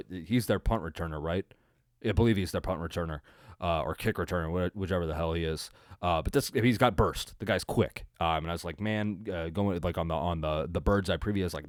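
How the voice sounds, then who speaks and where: Low-voiced rambling sports podcaster, man. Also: smooth, no echo, studio quality. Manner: rambling and excitable, with many fillers and restarts. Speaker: podcast host. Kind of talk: casual solo sports recap.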